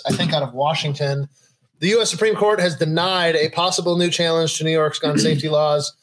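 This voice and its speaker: A young man, hosting a casual live show, reading news items aloud in a relaxed way, with lots of fillers and laughs. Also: sits high, rough recording. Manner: easygoing, laughs often, trails off with fillers. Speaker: podcast host.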